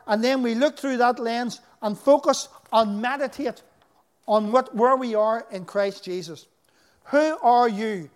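A man with a Northern Irish accent preaching a sermon, telling stories with emphatic delivery. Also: very high voice. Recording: echoey hall.

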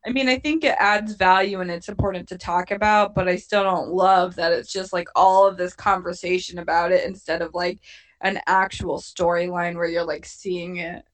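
In a lowish, steady voice at a moderate pace, this young woman co-hosts a podcast that recaps a TV show. The chat is casual, with loose, filler-heavy sentences and frequent laughter.

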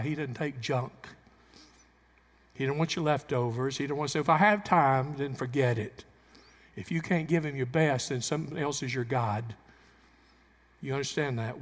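A man's voice: medium pitch, normal speed. Preaching man with a drawl. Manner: preaching with rising emphatic bursts and acted-out quotes. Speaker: pastor. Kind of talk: sermon. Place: church sanctuary. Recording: long hall reverb.

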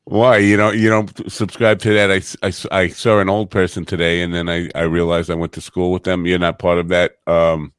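Man, very deep bass voice, easygoing chat host, laughs a lot, dry close sound. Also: little pitch movement, clean tone, dry recording. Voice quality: very deep low voice. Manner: easygoing, laughs often, halting with fillers. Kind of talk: casual chat.

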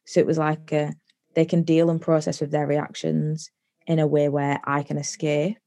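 A woman's voice: low-pitched, little pitch movement, mellow. A young woman casually telling a personal story on a podcast, chatty with lots of "like" fillers. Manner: chatty, many likes, quick bursts of laughter-ready storytelling. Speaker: podcast guest.

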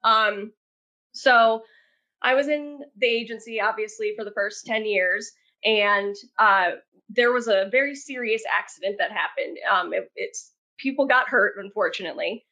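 A woman's voice: mid-range voice, a little slow, bright, forceful tone. Chatty woman telling stories. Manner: chatty, talks with her hands, many "like" fillers. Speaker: podcast guest. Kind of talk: casual storytelling.

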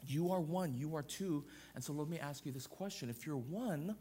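Emphatic preaching man, higher voice. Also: moderate pace, dark tone, slightly rough. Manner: emphatic preaching with repeated parallel phrases. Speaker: pastor. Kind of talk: sermon.

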